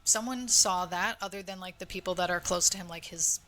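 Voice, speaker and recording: Bright, chatty young woman co-host telling stories. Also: on the low side, brisk, a little hiss or hum. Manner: chatty storytelling, lots of "like". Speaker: podcast co-host. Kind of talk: casual chat. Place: home room.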